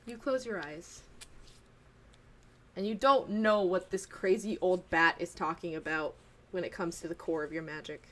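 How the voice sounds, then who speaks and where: A woman's voice: lowish voice, moderate pace. A woman narrating a tabletop game as game master in a casual, rambling way full of fillers.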